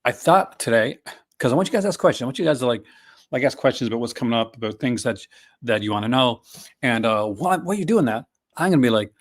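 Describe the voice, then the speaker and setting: A man's voice: mid-range voice, expressive, fast talker. Rambling enthusiastic male stream host. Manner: rambling, enthusiastic, many fillers and restarts. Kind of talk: casual live-stream chat.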